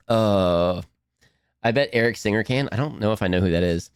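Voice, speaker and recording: A young man, a streamer rambling casually to his chat, self-mocking and quick to laugh. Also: fairly low pitch, clean tone, no room sound, clean studio sound.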